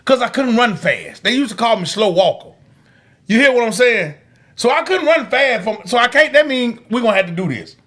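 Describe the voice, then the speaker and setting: High-voiced man telling rowdy stories. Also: brisk. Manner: animated, profane storytelling with frequent restarts and laughter. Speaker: podcast co-host. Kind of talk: casual storytelling chat.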